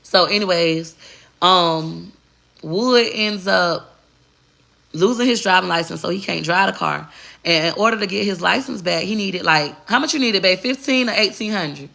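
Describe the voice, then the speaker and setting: A woman's voice: lowish voice, normal speed, gravelly, pushed and bright. A woman vlogger telling a personal story in a candid, blunt and profane way. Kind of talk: casual storytelling to camera.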